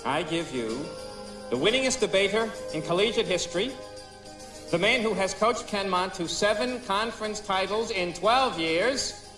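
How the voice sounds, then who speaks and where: A big formal intro at a college event, high-ish voice, echoey and far away, music behind. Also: male voice, expressive, moderate pace. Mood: ceremonious. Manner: ceremonious, building to a climax. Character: ceremonious male college announcer. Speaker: master of ceremonies. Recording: distant, roomy hall with music.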